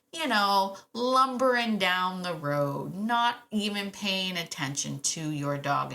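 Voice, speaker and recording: A woman hosting a dog training podcast, giving emphatic, animated advice in a casual way, repeating her key points and laughing often. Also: on the low side.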